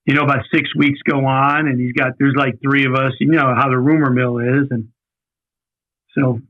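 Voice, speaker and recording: A man's voice: medium pitch, flat delivery, moderate pace. A man in his sixties, a guest coach, telling his career story in a rambling, conversational way, repeating words as he recalls. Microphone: phone call. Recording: tinny phone line.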